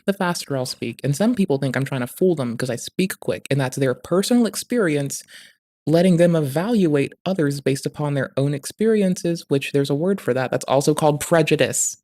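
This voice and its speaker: Quiet, fast-talking profane streamer. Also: medium pitch, expressive. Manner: talks quietly and quickly; heavy swearing, rambling asides. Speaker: live streamer. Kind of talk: ranting stream commentary.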